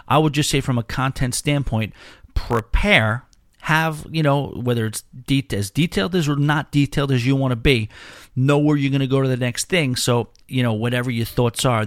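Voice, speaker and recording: A man's voice: medium pitch, no room sound. Rambling podcast host man, dry sound. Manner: loose and rambling, with many restarts. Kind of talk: casual podcast chat.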